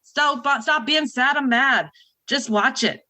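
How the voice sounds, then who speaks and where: A woman's voice: high voice, takes it slowly, pushed and bright, pitched above the performer's own voice, full character voice, poor audio. A woman co-host putting on an exaggerated Boston accent for a playful, sing-song podcast intro. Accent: put-on Boston. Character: brash chatty woman in a put-on Boston accent.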